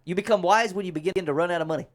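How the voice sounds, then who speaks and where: Male podcast host, rapid-fire, joking game-show banter. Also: high voice. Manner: fast, joking, laughs often. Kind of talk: casual comedic chat. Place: small studio.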